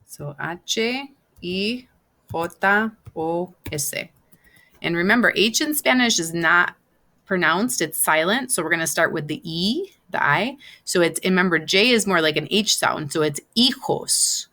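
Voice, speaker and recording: A woman teacher records an online lesson, dictating words slowly letter by letter and patiently repeating them. Her voice sits low, with a bright edge, and her pace is unhurried. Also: lively intonation. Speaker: Spanish teacher.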